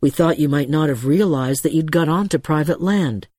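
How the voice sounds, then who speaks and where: A woman's voice: low voice, normal speed, dark tone, husky, no echo, studio quality. A woman voicing a flustered, kind woman who babbles nervously. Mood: babbling. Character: flustered middle-aged woman, chatty and kind.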